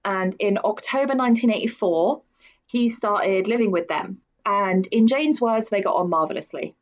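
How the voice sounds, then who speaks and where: A chatty woman co-hosting a true crime podcast, loose and conversational. Her pitch is middling, and the sound is a little dull and lo-fi. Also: moderate pace. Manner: chatty, with frequent fillers and laughs. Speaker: podcast co-host.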